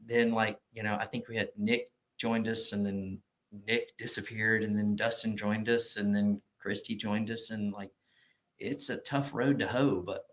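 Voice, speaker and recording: A man, a gym owner telling loud, profane stories on a casual podcast. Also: lowish voice, fairly even intonation, unhurried. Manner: loud, profane storyteller acting out quotes. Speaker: gym owner and powerlifting coach.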